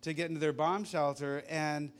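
Conversational higher-voiced male pastor. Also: steady tone, normal speed, smooth. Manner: conversational, rambling with asides. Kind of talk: sermon.

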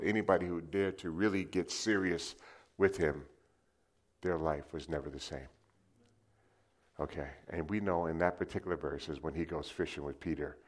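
A man preaching a sermon, telling lively stories and acting them out with sound effects. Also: extremely low pitch. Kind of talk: sermon with storytelling.

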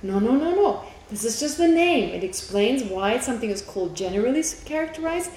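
Woman teaching philosophy, mellow and high, patient and chatty, recorded in a roomy class with faint noise. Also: animated, a little fast. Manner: explanatory, asks the class questions, laughs easily. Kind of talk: classroom lecture. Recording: echoey room with faint background noise.

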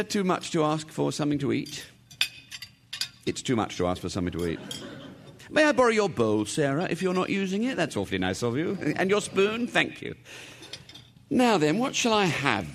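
A boisterous joker who needles a silent breakfast table, chuckling at his own lines in a lively, swooping voice set a touch high. The delivery stays teasing and playful, as in a stage comedy, with a faint hiss behind it. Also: gravelly, full character voice. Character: cheeky hungover man teasing his sulky family.

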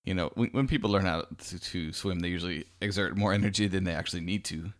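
A man's voice: low voice, quick pace. An American man hosting his own podcast, chatting in an easygoing, rambling way with plenty of fillers and restarts. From United States. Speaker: podcast host. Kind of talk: casual solo podcast chat.

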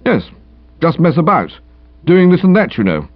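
A gruff young man who gives away as little as possible, answering in blunt single words as a man reads him. His pitch still moves around a fair bit. The recording is dull and dry. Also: huge pitch swings, moderate pace, no room sound, full character voice. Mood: guarded. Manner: curt one-word answers, guarded. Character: gruff, terse young man, defensive and brooding.

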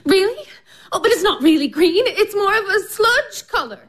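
Nervous fluttery young gal, high jumpy voice. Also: female voice, lively intonation, moderate pace, fairly bright tone. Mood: anxious. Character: flustered, self-conscious young woman guest.

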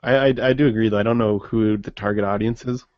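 A man's voice: lowish voice, steady tone, fast talker, no echo, lo-fi sound. A man co-hosting a movie podcast in casual chat, dry and joking. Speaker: podcast co-host.

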